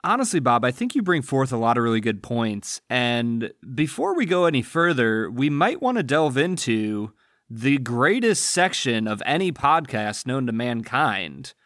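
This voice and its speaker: A man co-hosting a film podcast, talking in an animated, exasperated and playful way. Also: medium pitch, normal speed, dry recording, studio quality. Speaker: podcast co-host. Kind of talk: casual comedic film review chat.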